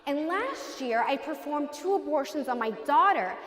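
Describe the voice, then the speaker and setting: Woman doing a coaxing doctor lady, high and soothing, reverby hall. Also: animated, moderate pace, fairly bright tone. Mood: reassuring. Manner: reassuring, coaxing.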